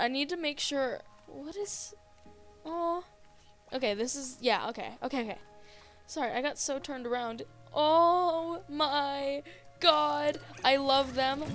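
A young woman casually commenting on a game she plays, gushing and easily excited, talking to the creatures on screen. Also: sits high. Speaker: gaming video host. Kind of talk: casual let's-play commentary.

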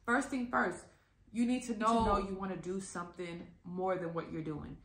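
A woman telling a story to her viewers in a casual, animated and profane way, acting out the quotes. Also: mid-range voice, a little fast. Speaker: vlogger. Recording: echoey room.

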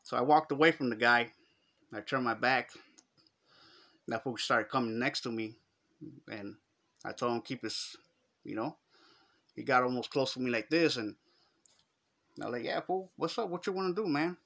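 Animated Chicano man telling a street story. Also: medium pitch, normal speed, pauses often. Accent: Chicano English, Los Angeles. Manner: animated, slangy street talk, acts out quotes. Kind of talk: casual storytelling.

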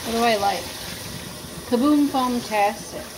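This vlogger speaks in a higher voice without hurrying, chatting through her home vlog as she cooks and does housework in the kitchen. She uses fillers and asides, and there's noise in the background.

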